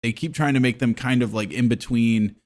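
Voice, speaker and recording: A man with a voice of ordinary, middling pitch, riffing through a podcast conversation. He rambles crudely and keeps laughing through his own jokes. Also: brisk, darkish tone. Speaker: podcast co-host. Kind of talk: casual chat.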